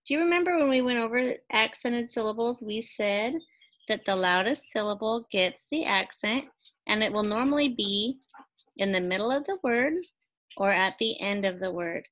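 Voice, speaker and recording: A woman teacher giving a recorded phonics lesson to second graders, speaking slowly and clearly and pausing for imagined answers. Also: fairly high pitch, fairly bright tone, poor audio. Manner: slow, clearly enunciated teacher talk with pauses for imagined answers.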